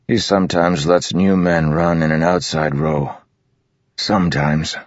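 A man voicing a weary, gruff male bridgeman with a hollow, muffled voice, giving blunt advice in an audiobook. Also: deep voice, fairly even intonation, measured pace, no room sound. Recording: dull lo-fi recording.

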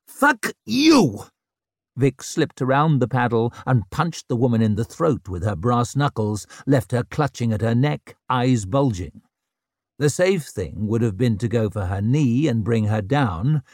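A man's voice: medium pitch, a little mellow, dry recording. A man narrating an audiobook in a dry, wry manner.

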